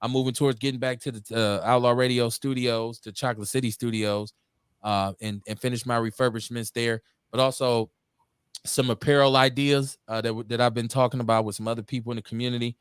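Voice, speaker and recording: A man hosting a call-in radio show talks with fiery conviction. He swings between loud, pitched-up rants and low, dropped asides, swearing as he goes. His voice is mid-pitched and sits close and dry on the mic. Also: fairly even intonation, fairly quick, clean tone, no room sound. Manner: fiery, preachy, swings between shouting and muttering, swears freely. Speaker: host. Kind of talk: impassioned call-in radio talk.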